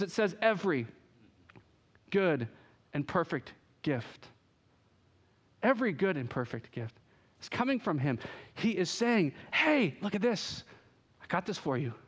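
High-voiced man preaching an animated sermon. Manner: animated storytelling, acts out quoted voices. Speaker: pastor.

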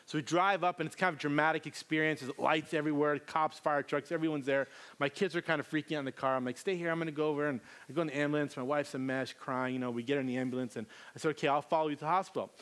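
A male pastor in his thirties preaching with a slightly higher-than-usual voice. He tells funny family stories animatedly, acting out his own lines. He then turns earnest as he draws the lesson. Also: quick pace, few pauses. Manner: animated, humorous storytelling with acted-out quotes. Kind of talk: sermon.

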